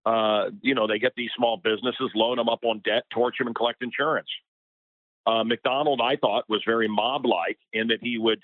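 A man's voice: medium pitch, fairly even intonation, normal speed, no room sound. A man, a radio personality, talking as a guest in an interview, impassioned and getting worked up as he speaks. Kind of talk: heated interview conversation. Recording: tinny phone line.

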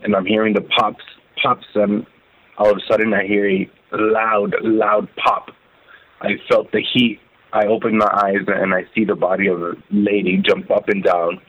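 Husky-voiced man recounting, phone-like sound. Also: fairly low pitch, little pitch movement. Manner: halting, repeats words, quotes his own prayers. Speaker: interview guest, survivor telling his story. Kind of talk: emotional first-person testimony. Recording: phone-like narrow band.

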